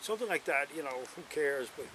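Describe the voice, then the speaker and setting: Quick and lively, a man on the high side rambles through a long local story for an interviewer at night near a bonfire, with many "you know"s and restarts. The distant mic captures loud wind and outdoor noise.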